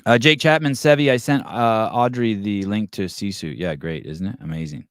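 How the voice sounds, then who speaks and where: A man's voice: lowish voice, normal speed, smooth, no room sound, studio quality. A middle-aged man hosting a podcast in casual chat, profane and joking, telling stories with voiced quotes. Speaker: podcast host.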